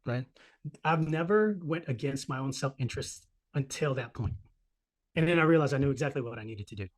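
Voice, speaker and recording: A man in his thirties telling a personal story in casual podcast chat, profane and animated, acting out the voices of people in it. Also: mid-range voice, a little fast.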